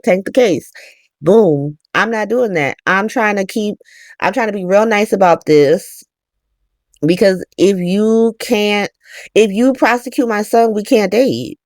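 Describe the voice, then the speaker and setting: A woman's voice: medium pitch, normal speed, a little mellow, no echo, clean studio sound, voice pushed up, close to an everyday voice. A woman voicing a blunt male mob boss, talking in a streetwise, profane and insistent way.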